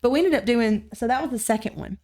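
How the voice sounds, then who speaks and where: A young adult woman, a podcast guest, telling a story in a lively, casual way and acting out quotes with sudden jumps in pitch. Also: fast.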